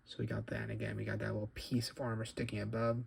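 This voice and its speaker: Gravelly-voiced man reviewing a toy. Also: fairly low pitch, big pitch swings, quick pace. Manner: rambling, self-correcting, chatty. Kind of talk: casual unboxing review.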